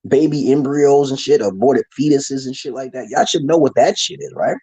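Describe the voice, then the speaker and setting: A man's voice: mid-range voice, moderate pace, warm tone, husky, rough recording. A man delivering a rambling monologue to his viewers, ranting with heavy swearing and frequent restarts. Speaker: channel host.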